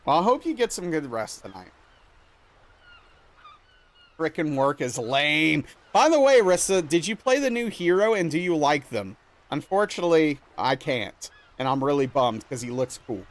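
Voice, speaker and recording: Lively-voiced male streamer chatting with chat. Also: on the high side, moderate pace. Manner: reads chat aloud and answers playfully, jumping into mock indignation. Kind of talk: casual livestream chat with viewers.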